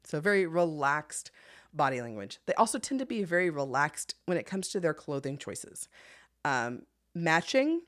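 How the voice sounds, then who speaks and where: A woman hosting her own podcast, teaching in an animated way and laughing often, with quick bursts of speech. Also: low-pitched. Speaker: podcast host.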